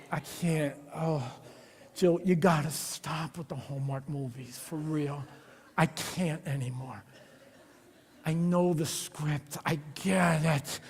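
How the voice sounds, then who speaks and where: A man preaching a Christmas Eve sermon in a church, conversational and personal, dropping to hushed lines and rising to loud, playful asides. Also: high voice. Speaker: pastor. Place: church sanctuary. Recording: long hall reverb of a church.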